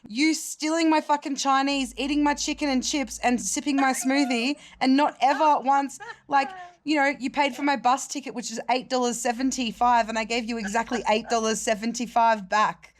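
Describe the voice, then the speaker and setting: Young aussie woman ranting a story, lots of swearing, kinda high voice. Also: moderate pace, few pauses. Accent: Australian. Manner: animated, sweary, quotes people in other voices. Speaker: vlogger. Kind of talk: casual storytelling.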